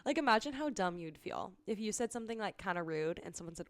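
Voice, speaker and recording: Young female podcast host, smooth clear voice, dry close sound, casual and earnest. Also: medium pitch, a little fast, no echo. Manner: casual, earnest, laughs often. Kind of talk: solo podcast talk.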